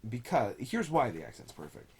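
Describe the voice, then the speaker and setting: A man's voice: mid-range voice, wildly swooping pitch, normal speed, a little hiss or hum. A man co-hosting a podcast, chatting casually with a joking, irreverent manner and frequent laughs. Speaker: podcast co-host. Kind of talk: casual chat.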